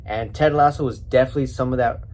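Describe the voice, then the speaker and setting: A man's voice: medium pitch, fairly even intonation, fast, a little mellow, slight background noise. A young man giving a casual, emotional review, rambling with fillers and calling his viewers bro and boys.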